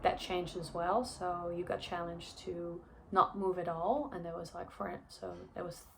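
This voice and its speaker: A woman's voice: lowish voice, little pitch movement, measured pace, vocal fry, fairly bright tone, slight background noise. A young woman telling a personal story in a chatty vlog, with lots of fillers and frequent laughs. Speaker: vlogger.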